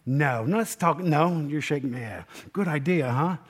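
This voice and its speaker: A man preaches in a loose, conversational way, joking and putting questions to his congregation. His voice sits a little high for a man. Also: lively intonation, moderate pace, breathy edge. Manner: chatty, jokes and asks the congregation questions. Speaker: pastor. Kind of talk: conversational sermon.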